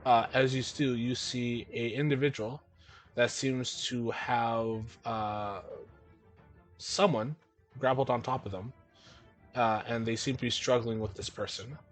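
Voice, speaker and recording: A man runs a tabletop game as its game master, narrating in a halting, filler-heavy way. His voice sits at an ordinary middle pitch. Soft music plays faintly behind him. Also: fairly even intonation.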